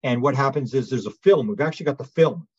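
A man with a husky, breathy voice recounts a story as an interview guest, animated and full of restarts. The sound is dry and close, with a slightly dull, lo-fi tone. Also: medium pitch, quick pace, no room sound. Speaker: guest researcher.

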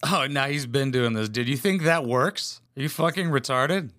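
A man's voice: medium pitch, normal speed, fairly bright tone. A young man giving a crude, sarcastic comedic reaction commentary on a reality show clip, swearing a lot.

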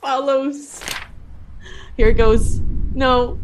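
A young woman chatting while watching a friend play a horror game, jittery and quick to squeal with laughter. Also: high voice, noisy background. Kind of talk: casual gaming chat.

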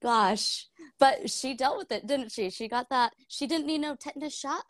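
A woman's voice: high-pitched, normal speed, a bit bright, no echo, clean studio sound. A young woman co-hosting a book club podcast, candid and laughing often, swearing casually. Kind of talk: casual chat.

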